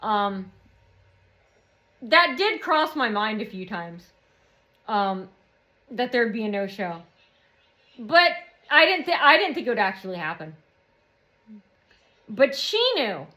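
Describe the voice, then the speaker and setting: High-voiced woman rambling in a vlog. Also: sing-song, takes it slowly, pauses often, pushed and bright. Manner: rambling and repetitive, circling back often. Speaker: vlogger. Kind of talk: rambling personal monologue.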